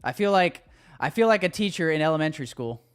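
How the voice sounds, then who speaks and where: A man's voice: on the high side, expressive, quick pace, smooth. A man hosting a live trading stream, chatting casually with viewers, loose and hyped, swearing now and then.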